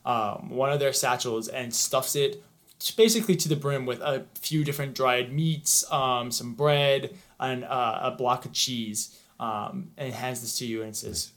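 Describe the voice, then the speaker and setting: A man narrating a tabletop game as game master, relaxed and peppered with ums. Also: mid-range voice, unhurried.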